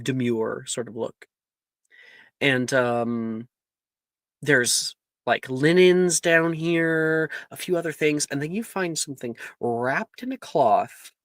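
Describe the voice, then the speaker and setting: A man's voice: mid-range voice, dry recording, studio quality. A man narrating a tabletop game as game master, hesitant and full of filler words. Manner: hesitant, full of likes and ums.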